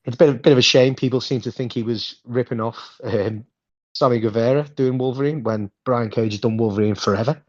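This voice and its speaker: A man co-hosting a podcast in casual chat, an animated storyteller with a voice worn hoarse. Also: a little fast. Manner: animated storyteller, jumps high in pitch. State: hoarse, hungover. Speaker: podcast co-host. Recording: dull lo-fi sound.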